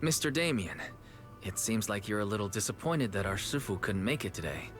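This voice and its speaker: An earnest young disciple, lower voice, careful and reasoned. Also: male voice, lively intonation, fairly quick, fairly bright tone, faint music behind. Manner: polite, reasoned. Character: earnest young male junior disciple, thoughtful. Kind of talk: game voice acting.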